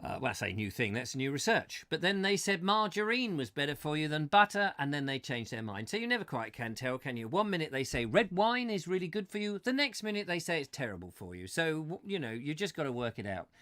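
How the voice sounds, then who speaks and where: A man hosting a comic chat show, rambling and ranting excitably while reading out viewer comments. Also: fairly high pitch, fairly quick, hardly any pauses, dry recording, clean studio sound.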